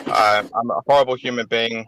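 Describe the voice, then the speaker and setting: A man speaking flatly and subduedly as the accused guest on a call. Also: medium pitch, brisk, slight background noise, rough recording. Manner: flat, subdued.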